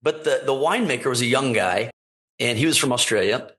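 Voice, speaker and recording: A wine importer who founded his own company appears as a guest on a podcast, speaking in a mid-range voice a little quickly. In casual chat he tells animated anecdotes, acting out the dialogue of the people involved.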